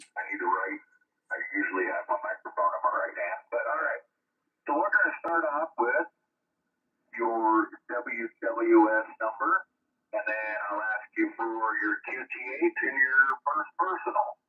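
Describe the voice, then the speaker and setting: A husky-voiced man from Oregon comes through a thin, phone-like radio channel. He talks in a relaxed, friendly way, using operator codes as he checks people into the net. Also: mid-range voice, normal speed. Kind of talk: casual radio chat. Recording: radio transmission with a narrow phone-like sound.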